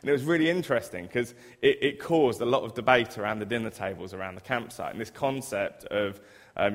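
A man's voice: fairly low pitch, fairly quick. A man giving a sermon in a church, chatty and self-deprecating, acting out everyday scenes as examples. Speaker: preacher who works in a school. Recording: reverberant church hall.

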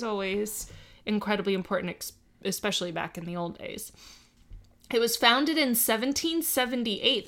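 A woman's voice: mid-range voice, a bit bright. A young woman co-hosting a casual history chat, reading from notes with playful, giggly asides. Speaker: podcast co-host.

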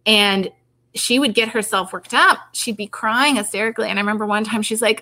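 A woman's voice: medium pitch, a little fast, pushed and bright. A middle-aged woman, a researcher, talking in a rambling, casual way, full of fillers and restarts. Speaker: researcher and podcast guest. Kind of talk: casual conversation.

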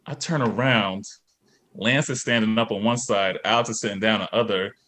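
Male podcast guest, low voice, animated storyteller. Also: moderate pace. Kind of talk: casual storytelling.

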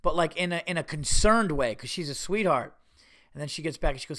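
A man's voice: fairly high pitch, fast, bright, forceful tone. A man hosting his own podcast in casual solo talk, rambling and swearing, with lots of fillers and restarts. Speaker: podcast host.

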